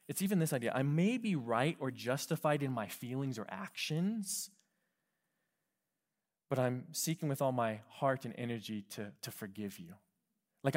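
A man preaching a sermon as pastor, lively, acting out quoted voices and dropping to soft whispers. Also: medium pitch. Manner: animated, acts out quoted voices and drops to whispers. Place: California.

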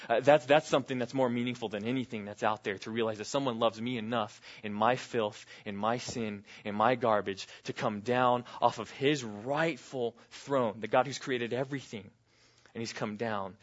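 A man preaching a sermon earnestly, repeating key phrases and swinging between loud and quiet. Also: medium pitch, highs cut off. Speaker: pastor.

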